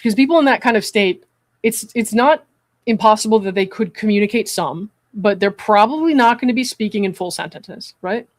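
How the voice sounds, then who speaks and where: A psychiatric evaluator hosting a commentary stream speaks at a middle pitch in a measured, earnest way, often pausing to check in with listeners. The recording is dry and close with no echo, as they shift steadily between reading a transcript and offering their own view.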